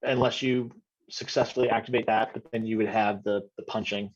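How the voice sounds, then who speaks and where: A man narrating a tabletop game as game master, hesitant, with many pauses and ums while describing scenes. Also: lowish voice, level tone. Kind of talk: narrating a tabletop game over video call. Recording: dull lo-fi audio.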